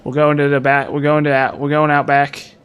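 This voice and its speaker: A man's voice: on the high side, little pitch movement, a little fast, a bit bright, lightly acted. Dude faking a mock aussie accent, easygoing bloke with his mates, a bit goofy. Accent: mock Australian. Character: laid-back male Australian bloke out with his mates.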